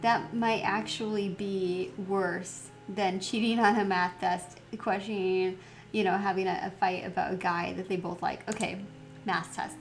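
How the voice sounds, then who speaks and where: A woman chatting casually as she plays through a story game, reflective and quick to laugh. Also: medium pitch, fairly even intonation, faint music behind. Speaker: let's play host.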